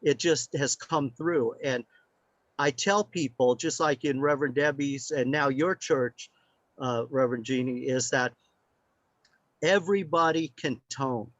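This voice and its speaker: A man telling a casual story as a guest speaker on sound healing. He talks in animated anecdotes with many fillers. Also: medium pitch, unhurried, no echo. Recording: dry, slightly muffled lo-fi audio.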